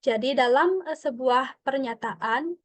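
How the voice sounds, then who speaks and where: A young Indonesian woman with an Indonesian accent, a student giving a class presentation in a hesitant way, often pausing on "uh" and mixing in Indonesian. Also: high voice, dry recording. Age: young adult. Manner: hesitant, many filler "uh"s, switching between English and Indonesian.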